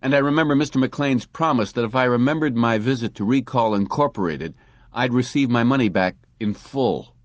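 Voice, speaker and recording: A man's voice: medium pitch, a little fast, dry recording, highs cut off, pitched above the performer's own voice, lightly acted. A man voicing a resentful, sardonic male clerk in an audiobook reading. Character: bitter, frustrated male office clerk.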